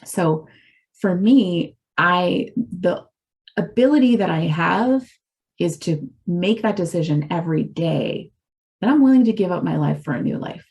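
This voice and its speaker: A woman's voice: on the low side, animated, measured pace, creaky, darkish tone, lo-fi sound. A middle-aged woman giving a candid, rambling personal testimony as a speaker for a recovery community. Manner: earnest, confessional, rambling.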